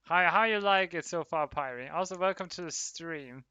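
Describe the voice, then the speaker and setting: Male streamer, slightly high voice, tense and bright tone, casual commentary to chat. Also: normal speed, clean tone, dry recording, muffled recording. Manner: chatty, talks to viewers, laughs often. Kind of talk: casual livestream commentary while gaming.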